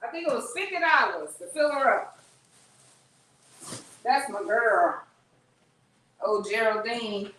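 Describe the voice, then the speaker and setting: Unpacking groceries in her home kitchen, a vlogger chats and rambles to her viewers, calling them "y'all". Her fairly bright, high-ish voice is animated yet slow, with long pauses. The recording picks up room echo and faint noise.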